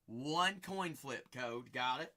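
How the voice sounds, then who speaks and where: A man hosting a live card break stream, rattling off buyers' names with playful, sing-song banter and sudden loud bursts. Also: medium pitch, animated, slow pace.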